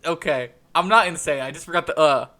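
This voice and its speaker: A man's voice: on the high side, brisk, pushed and bright. A young man co-hosting a podcast, chatting casually, rambling and laughing often. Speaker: podcast co-host. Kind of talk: casual chat.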